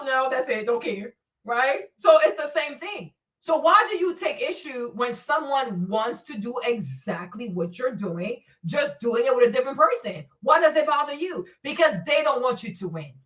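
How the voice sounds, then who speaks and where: Woman host, blunt sarcastic rant, profane, high voice, sounds a bit off-mic. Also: sharp tone, distant mic, rough recording. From immigrant to the US. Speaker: commentary channel host. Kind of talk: casual opinion commentary.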